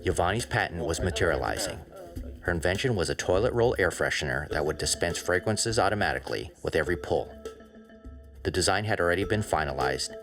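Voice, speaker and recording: A man narrating a documentary in a measured, serious scripted read. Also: low-pitched, animated, music in the background.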